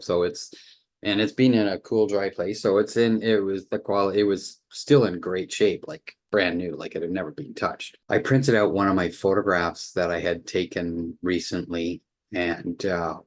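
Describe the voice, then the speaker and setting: Low-voiced man rambling about his photo prints. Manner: rambling, restarts sentences, easily impressed. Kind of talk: casual home video walkthrough.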